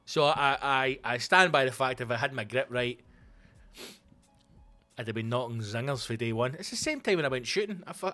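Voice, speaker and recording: Scottish male comic host, thirties, mid-pitched, profane anecdotes, light music bed. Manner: swearing, animated storytelling with voiced asides. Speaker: comedian podcast host. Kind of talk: casual comic monologue.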